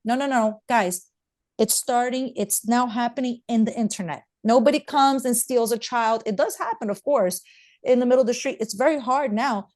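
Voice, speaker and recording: Emphatic, urgent woman, slightly high voice. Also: normal speed, darkish tone. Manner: emphatic, urgent, repeats points. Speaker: guest, mother. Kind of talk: interview conversation.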